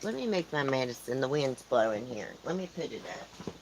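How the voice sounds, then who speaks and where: A woman's voice: a bass voice, big pitch swings, moderate pace, noisy background. A woman with a Southern US accent, hosting a casual livestream from outdoors at home, rambling and answering viewers' comments aloud. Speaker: livestream host.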